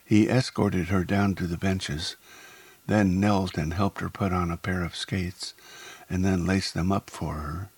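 A man narrating a first-person story in a measured, descriptive way. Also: low voice, steady tone, a little mellow, husky, no room sound.

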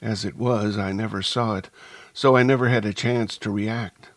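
A man narrating a first-person story in a measured, deliberate way. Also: lowish voice, fairly even intonation, dry recording. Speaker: audiobook narrator.

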